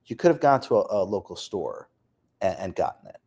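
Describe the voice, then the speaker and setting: Lively man chatting on a live stream. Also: low voice, a little fast, creaky, husky. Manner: lively, reads off places and names, laughs often. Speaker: author hosting a live stream. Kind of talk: casual live-stream chat reading out viewer comments.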